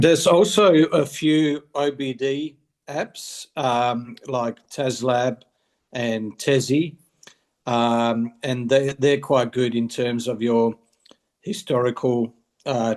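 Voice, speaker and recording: A man's voice: medium pitch, steady tone, slow pace, darkish tone. Man explaining things plainly. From Australia. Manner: explanatory, many fillers. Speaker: club co-host. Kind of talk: casual explanation.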